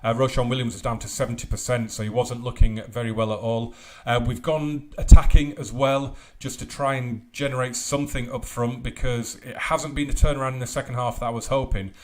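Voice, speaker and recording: A young man hosting a let's play, commentating a football management game with mumbled asides and sudden loud outbursts. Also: mid-range voice, fairly even intonation, a little fast. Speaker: gaming channel host.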